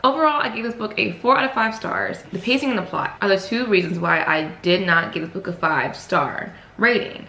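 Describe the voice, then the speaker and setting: A young woman talking casually in a reading vlog, gushing and excitable about a fantasy novel, full of slang. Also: medium pitch, a little hiss or hum. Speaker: book vlogger.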